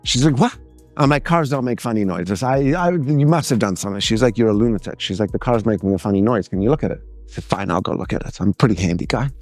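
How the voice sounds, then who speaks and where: A middle-aged man giving a seminar talk, lively and animated, acting out anecdotes and mimicking other people's voices. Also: lowish voice, fast, soft background music. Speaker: speaker.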